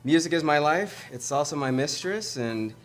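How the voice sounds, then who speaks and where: A man's voice: on the high side, lively intonation, normal speed, a bit bright, soft background music. A young man from the United States, a singer and performer, introducing himself in a wisecracking, playful promo interview.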